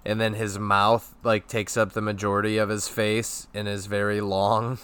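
A man's voice: lowish voice, monotone, moderate pace, a bit bright, clean tone, no echo. A man on a podcast chatting and joking while recapping a cartoon episode. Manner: chatty, amused. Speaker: podcast co-host.

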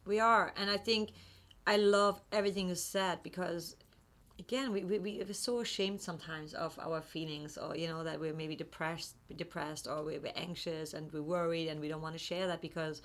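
A woman's voice: on the low side, steady tone, moderate pace, a bit bright. A woman hosting an interview, earnest and encouraging as she talks. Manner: earnest, encouraging, restarts words. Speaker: host. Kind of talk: supportive interview talk.

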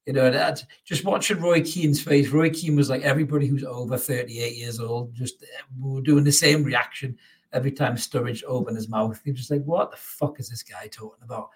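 A man's voice: mid-range voice, steady tone, brisk. A man over 38, hosting a casual football chat with blunt, sweary banter. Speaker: podcast host.

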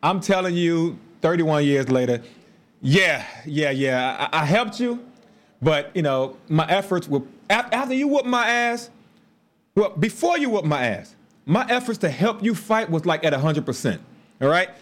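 A man's voice: on the high side, moderate pace. A man, telling stories casually on a livestream with laughs and asides. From Chicago. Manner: animated storytelling with laughs and asides. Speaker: livestream host.

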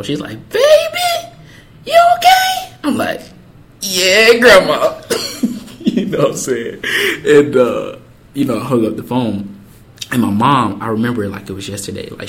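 A young man casually telling a personal story, acting out the quoted lines in lively voices. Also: on the low side. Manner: animated, acts out quotes with voices.

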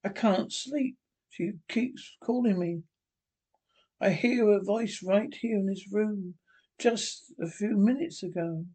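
A man's voice: high-pitched, takes it slowly, dark tone, pitched above the performer's own voice. A man reading a frail frightened young woman.

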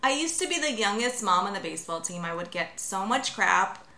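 A woman's voice: medium pitch, expressive, a little fast, echoey room, crowd noise. A woman in her thirties co-hosting a podcast, chatting casually, rambling with fillers and laughing often. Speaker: podcast co-host. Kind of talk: casual chat.

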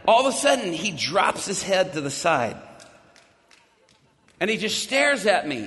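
Man, dramatic storytelling, slightly high voice, long hall reverb. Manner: acts out the dialogue he quotes, with sudden shouts. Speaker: speaker telling his own story to an audience.

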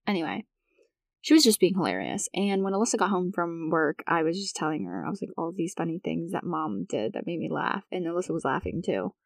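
A woman's voice: on the low side, very animated, brisk, creaky, no room sound. A young woman talking casually in a personal podcast monologue, chatty, with frequent laughs and fillers. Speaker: podcast host.

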